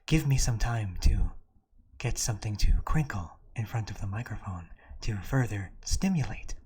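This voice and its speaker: A man doing a whispered role-play as a mock ASMR narrator, breathy, slow and overly tender. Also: on the low side, expressive, a little mellow, pitched below the performer's own voice. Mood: mock soothing. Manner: slow, drawn-out, mock-soothing.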